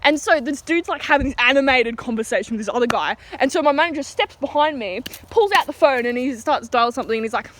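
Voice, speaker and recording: A woman's voice: high voice, quick pace, hardly any pauses, fairly bright tone, a little hiss or hum. A young Australian woman telling a story casually outdoors, rambling with lots of fillers and giggles.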